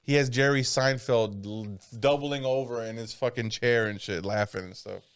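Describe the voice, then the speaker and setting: A man's voice: medium pitch, normal speed, clear, resonant tone, no echo, studio quality. A man in casual chat, swearing freely and laughing often. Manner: profane, laid-back, laughs often.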